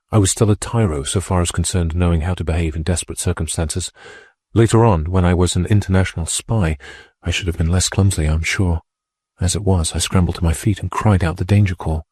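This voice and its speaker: A man reading a classic novel aloud as an audiobook narrator, in a measured, steady storytelling manner. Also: low voice, husky, dry recording.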